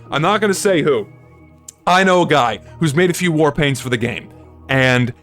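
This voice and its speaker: A man's voice: sits high, fairly bright tone. A man giving a blunt, swear-heavy game review, talking emphatically. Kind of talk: ranting review commentary.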